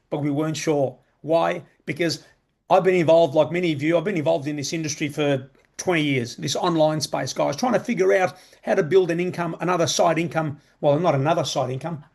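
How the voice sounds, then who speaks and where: An upbeat man pitching an online business opportunity, chatty and eager, doubling back on his words as he goes. His voice sits a little high for a man. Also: vocal fry. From Australia. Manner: enthusiastic, chatty, repeats words. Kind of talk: live sales presentation.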